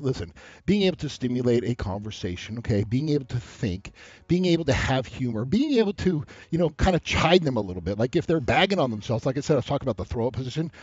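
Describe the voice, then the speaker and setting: Rambling man with a husky voice. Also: mid-range voice, dry recording. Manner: rambling, animated, full of fillers and asides. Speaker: dating coach. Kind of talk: casual advice monologue. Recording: dull lo-fi sound.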